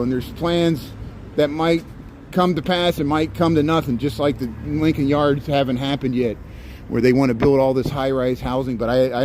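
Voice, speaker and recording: A man's voice: mid-range voice, warm tone. Chatty man walking city streets. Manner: rambling, chatty, greets viewers by name. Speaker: livestream walking tour host. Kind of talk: casual livestream chat while walking. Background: faint street and traffic noise.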